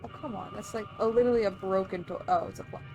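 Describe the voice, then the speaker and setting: A woman's voice: mid-range voice, fairly even intonation, fast, music in the background. A young woman playing a game and commenting casually, flustered, panicky and swearing as she fumbles through it. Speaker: let's play gamer.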